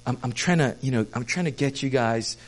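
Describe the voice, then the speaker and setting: A man preaching a sermon as pastor, earnest, stumbling over repeated words and swinging between hushed and fervent passages. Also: medium pitch, fairly quick.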